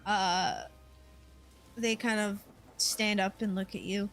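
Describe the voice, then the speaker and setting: A woman's voice: medium pitch, fairly even intonation, slow pace, soft background music. A woman narrating as game master of a tabletop game, hesitant with many fillers.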